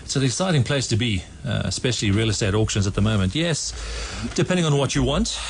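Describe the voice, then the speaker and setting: A man in his thirties, an auctioneer, answering radio interview questions in a relaxed, confident way. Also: mid-range voice, fast talker, slight background noise. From South Africa. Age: 30s. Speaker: auctioneer guest.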